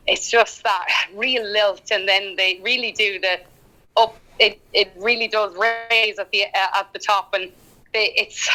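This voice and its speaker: A woman's voice: mid-range voice, pushed and bright, poor audio. A woman from Ireland with an Irish accent, a singer-songwriter chatting as a guest in an interview, laughing often and talking with plenty of fillers. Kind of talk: casual interview chat.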